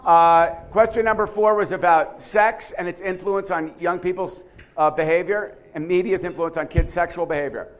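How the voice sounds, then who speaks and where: A man's voice: high-pitched, normal speed. Man quizzing a live audience. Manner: animated, questioning the audience, repeats words. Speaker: seminar speaker running a quiz. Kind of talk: lively lecture with audience quiz. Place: conference room with a live audience.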